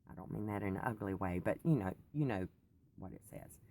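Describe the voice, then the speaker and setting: A woman's voice: rumbling low, expressive, fast, warm tone, a little hiss or hum. A middle-aged woman chatting in a rambling, digressive way, keyed up on coffee after little sleep. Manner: chatty, digressive, laughs often. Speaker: faith vlogger. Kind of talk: rambling personal talk.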